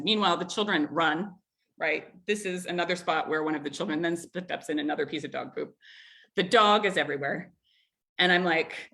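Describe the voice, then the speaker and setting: A woman in her thirties hosting a community group, telling a family story in a chatty, animated way, with frequent laughs and filler words. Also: lowish voice, moderate pace. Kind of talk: casual storytelling in an online group talk.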